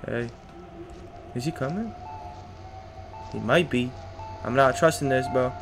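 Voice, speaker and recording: A man's voice: medium pitch, a little slow, creaky, music in the background. A young man streaming a horror game, jittery and scared, muttering to himself and taunting the monster in slangy talk. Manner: slangy, keeps saying bro. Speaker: gaming streamer. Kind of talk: horror game let's play commentary.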